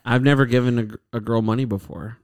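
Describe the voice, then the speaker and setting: A young man co-hosts a casual podcast chat, his medium-pitched voice fast, clear, and resonant. He tells stories in an animated way, laughs often, and acts out quotes.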